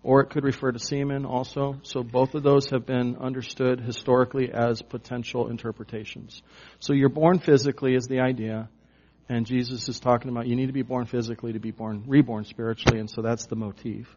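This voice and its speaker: A man's voice: medium pitch, little pitch movement, a little fast, mellow. Conversational male preacher, slightly dull audio. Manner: conversational, emphatic, many fillers. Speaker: pastor. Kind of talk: sermon teaching.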